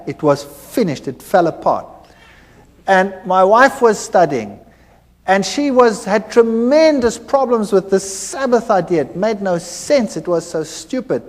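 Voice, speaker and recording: A man, a former university lecturer, giving a personal testimony, telling his story with animated acted-out dialogue. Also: sits high. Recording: hall reverb.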